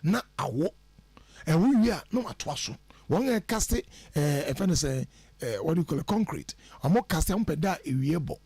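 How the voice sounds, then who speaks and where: A man speaking as a guest on a radio show, giving lively, preachy advice on how to order your life and mixing English phrases into his speech. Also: fairly high pitch, normal speed, breathy edge, no room sound. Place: radio studio.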